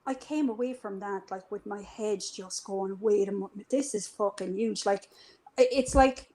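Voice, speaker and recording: A woman's voice: on the high side, low-quality recording. A woman chatting casually as an interview guest, telling a story with lots of swearing and acting out what people said. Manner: animated, swears freely, acts out quoted dialogue. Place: live stream conversation.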